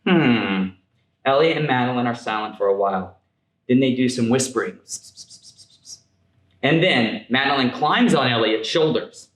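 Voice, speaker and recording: A man reading a children's picture book aloud in a gentle, playful storytelling manner. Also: medium pitch, animated, measured pace, long pauses, roomy sound, rough recording.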